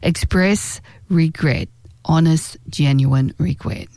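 A woman giving relationship advice in a direct, earnest way, slowing down to stress key phrases. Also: low-pitched, a little mellow, no echo. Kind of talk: direct-to-camera advice talk.

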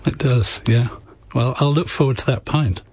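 A man from England, an author guest on a radio show, describing things in a measured, storytelling way. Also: medium pitch, darkish tone, breathy edge, dry recording. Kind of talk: conversational radio interview.

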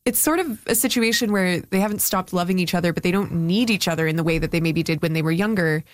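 A woman with a lowish voice asks questions as an interviewer, measured and curious in a relaxed, conversational tone. Her voice sits close and dry. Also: no echo.

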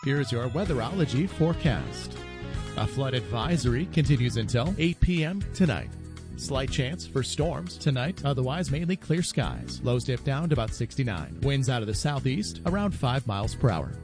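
A man reading a weather forecast as meteorologist in a smooth, friendly read. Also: medium pitch, lively intonation, moderate pace, over music.

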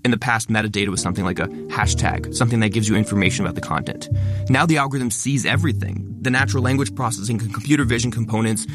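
A man who is a content creator, talking fast and stressing many words as he explains ideas in a conversational interview. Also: on the low side, over music.

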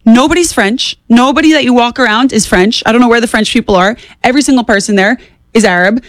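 A young woman in her twenties, a guest on talk radio, talking at a rapid clip. She sounds animated and opinionated, with her voice a bit high. The sound is dry and close. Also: dry recording. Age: 20s. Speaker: guest commentator. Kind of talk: casual political talk radio.

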